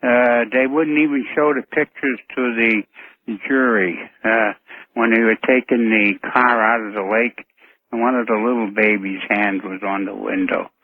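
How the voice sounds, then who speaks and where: A man's voice: mid-range voice, fairly even intonation, normal speed, no room sound. A man calls in to a radio show, speaking bluntly and sounding upset. His voice comes through a dry, tinny phone line with no room sound at all. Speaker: caller.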